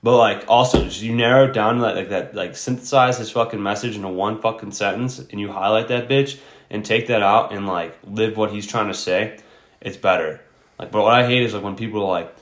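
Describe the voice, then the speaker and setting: A man's voice: on the low side, fairly quick, slight background noise. A man co-hosting a podcast in casual chat, blunt and heavy on swearing and filler words. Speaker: podcast co-host. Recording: echoey room.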